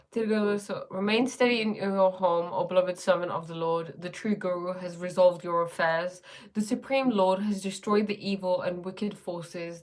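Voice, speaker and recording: A woman chatting casually on a livestream, rambling with many fillers and reading viewer comments aloud. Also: on the low side. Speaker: livestream host.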